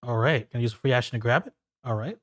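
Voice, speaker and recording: A man narrating as a game master in a descriptive, halting way, full of fillers. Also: mid-range voice, fairly bright tone, no room sound, studio quality.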